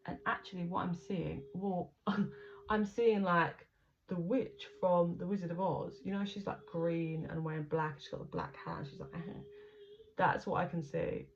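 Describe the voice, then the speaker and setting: Speaking at a normal speed in a steady, lowish voice, this tarot reader chats and rambles through a casual reading, dropping in swear words as she relays what she sees. Faint background noise runs under the dull, lo-fi recording.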